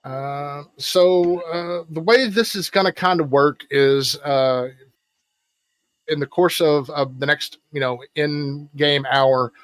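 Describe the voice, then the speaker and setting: A man running a tabletop game as game master, explaining rules in a halting way full of fillers. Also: on the high side, no echo.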